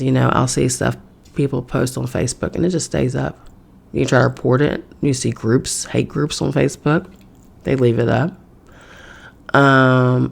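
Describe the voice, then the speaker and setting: A woman's voice: extremely low pitch, gravelly. A woman hosting a podcast, talking bluntly and profanely in a casual spiritual monologue from home. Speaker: podcast host. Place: home in New York.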